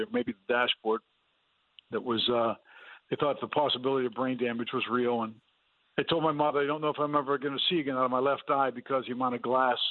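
A man's voice: mid-range voice, no room sound. A man earnestly telling his personal testimony as a guest in a radio interview, with fillers and restarts. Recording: dry, phone-like radio line.

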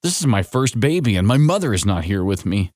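A man voicing a lonely, frightened teenage girl, speaking softly and slowly in a pleading way, in a storybook reading. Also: fairly low pitch, big pitch swings, no echo, studio quality. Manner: soft, slow, pleading.

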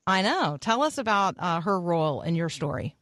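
A man's voice: sits high, very animated, normal speed, a bit bright, no room sound. A man hosting a radio interview, asking long questions with frequent ums. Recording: dry close mic.

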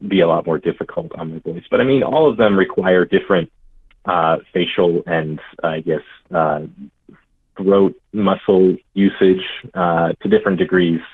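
Deep husky man on a tinny call. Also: moderate pace, no room sound. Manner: chuckling, hesitant, lots of fillers. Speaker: voice actor guest. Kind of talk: casual interview chat. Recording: tinny phone-like call line.

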